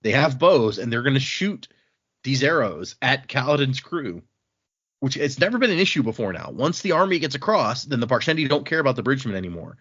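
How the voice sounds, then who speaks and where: A man hosts a relaxed podcast, recapping chapters and slipping into quick impressions of the characters. His voice is a little husky and moves lively up and down. The audio is muffled and lo-fi. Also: medium pitch. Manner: retells scenes, acts out character quotes. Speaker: podcast host. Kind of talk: casual book-discussion chat. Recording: dull lo-fi audio.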